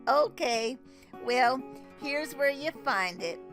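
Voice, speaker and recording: An older woman telling Bible stories to children in a folksy, chatty way, with fillers and lively exclamations. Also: sits high, unhurried, soft background music. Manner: animated, exclaiming. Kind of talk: storytelling to children.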